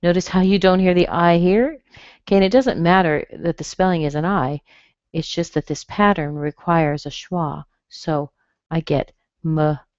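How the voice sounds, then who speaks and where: A woman running an online pronunciation class, taking her time and saying each word twice. Her voice sits a little low and close, with no room around it. The sound is a bit dull, like webinar audio. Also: no room sound. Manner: slow, careful, repeats words for practice. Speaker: pronunciation teacher. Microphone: computer mic on a webinar.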